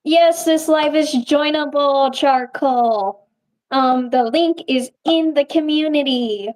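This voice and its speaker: High-voiced, slow-talking young woman streamer. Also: darkish tone, poor audio. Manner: rambling, chatty, laughs often. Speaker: puppeteer live streamer. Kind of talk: casual live-stream Q&A.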